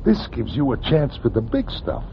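An actor playing a brusque, fast-talking male burlesque theater owner in a 1940s radio drama, slangy with stiff formal phrasing. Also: medium pitch, sing-song, gravelly. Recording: dull old radio recording with faint hiss.

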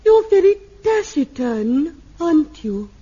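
A woman playing an amateur actress reading an earnest heroine in slow, mannered lines. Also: high-pitched, very animated, lo-fi sound, heavy background noise, exaggerated voice. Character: earnest heroine in a stilted melodrama.

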